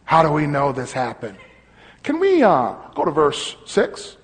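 A man pastor preaching a sermon, teaching a congregation and calling out to them, his voice rising to shouts. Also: on the high side, huge pitch swings, a little slow, in a large hall. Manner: call-and-response preaching, swelling to shouts.

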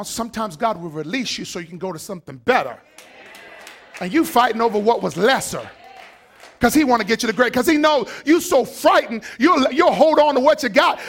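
A man preaching a sermon, animated and acting out voices, rising to shouted peaks. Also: high voice, creaky. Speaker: pastor.

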